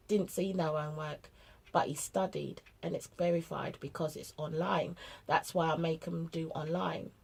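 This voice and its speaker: Husky-voiced British mum giving blunt advice. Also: female voice, lowish voice, a little mellow, low-quality recording. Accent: British English. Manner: chatty and blunt, with street slang, acting out family exchanges. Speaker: parent vlogger. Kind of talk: casual monologue giving parenting advice.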